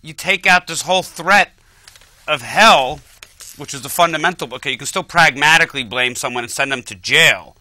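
A man's voice: on the high side, moderate pace, pushed and bright, no echo. A man co-hosting a casual discussion show, teasing his partner and cutting in playfully. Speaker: co-host.

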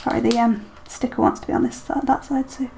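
Decorating her planner, this vlogger talks casually to herself in a plan-with-me session, peppered with ums and little questions. She speaks fast in a level tone, her high voice warm with vocal fry, and there's a little hiss or hum.

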